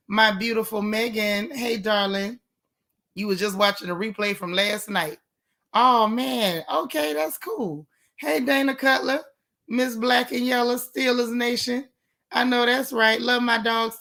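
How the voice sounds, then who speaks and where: Woman, middle-aged, livestream host: bright, chatty, warm, greets everyone by name. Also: medium pitch. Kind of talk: casual livestream chat greeting viewers.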